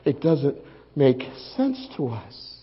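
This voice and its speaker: A man acting a grieving male disciple at the crucifixion, in a dramatic monologue, halting and repeating his words, on a dull lo-fi recording. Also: medium pitch, big pitch swings, slightly rough, voice pushed down, exaggerated voice. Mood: reflective.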